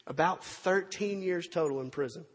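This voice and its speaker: Pastor, male, high-pitched storyteller in a reverberant hall, acts out the quotes. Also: moderate pace. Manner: storytelling, animated, with acted-out quotes and asides to the congregation. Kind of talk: sermon.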